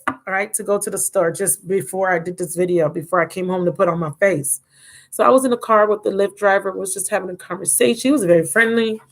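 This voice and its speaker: A woman in her thirties hosting a casual live-stream chat from home, rambling and talking straight to her viewers. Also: medium pitch. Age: 30s. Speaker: tarot reader and channel host.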